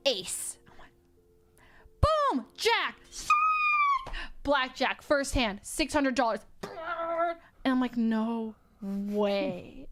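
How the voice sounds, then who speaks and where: A woman telling a story in casual chat, dramatic and quick to laugh. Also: sits high. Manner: animated, dramatic, laughs often. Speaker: streamer.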